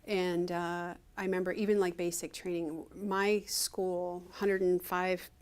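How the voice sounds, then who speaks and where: A woman's voice: lowish voice, level tone, a little slow, darkish tone. A middle-aged woman from Ohio, a retired Air Force officer, telling stories in a conversational interview, full of fillers and restarts. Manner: chatty storytelling, frequent fillers and restarts. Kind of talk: conversational oral history interview.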